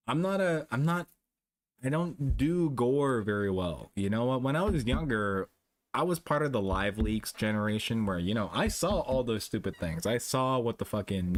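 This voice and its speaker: A young man from Canada, a streamer chatting casually with his live chat, rambling, swearing freely and laughing often. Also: medium pitch.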